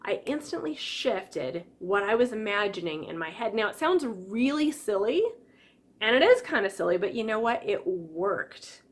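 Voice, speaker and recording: Brief: female hypnotherapist coach, animated classroom delivery, mid-pitched, plays out quoted reactions. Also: normal speed. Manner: lively, acts out quotes with exclamations. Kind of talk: teaching an online class.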